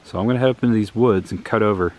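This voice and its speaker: Talking very fast in a low, darkish voice, a vlogger touring filming locations walks through the woods with a handheld camera. He's out of breath but enthusiastic, pointing things out as he goes in this casual outdoor vlog.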